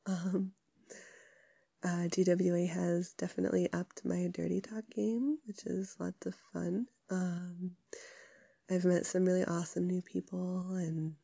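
A young woman with a sick voice chatting casually to her listeners from her couch, rambling with lots of fillers and soft giggles. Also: lowish voice, gravelly, husky, no room sound.

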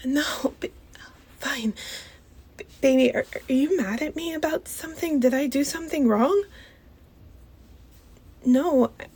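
Slow, high-voiced pleading young woman. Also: darkish tone. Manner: pleading, hesitant, stammering and often dropping to a whisper. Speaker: audio role-play performer. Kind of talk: one-sided audio role-play.

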